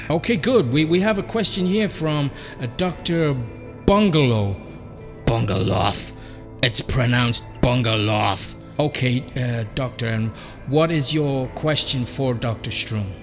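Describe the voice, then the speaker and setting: A man and podcast co-host in a comedy sketch, announcing in a mock-formal, deadpan way. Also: mid-range voice, long reverb tail.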